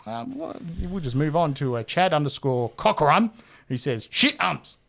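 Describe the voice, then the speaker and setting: An Australian podcast host reads out listener feedback in a casual show, laughing and swearing now and then. His voice is a little high, gravelly and a bit bright, very animated at a moderate pace.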